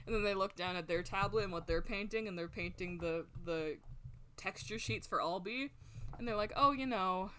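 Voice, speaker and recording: Excitable, foul-mouthed young woman streamer. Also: on the low side, moderate pace, a little hiss or hum. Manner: excitable, rambling, swears constantly. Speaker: art streamer. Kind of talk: casual chat while drawing on stream.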